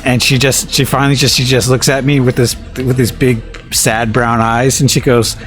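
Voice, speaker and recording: A man's voice: medium pitch, little pitch movement, moderate pace, a bit bright, faint music behind. A male streamer chatting casually, telling a home anecdote with restarts and chuckles. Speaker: game streamer. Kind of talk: casual chat.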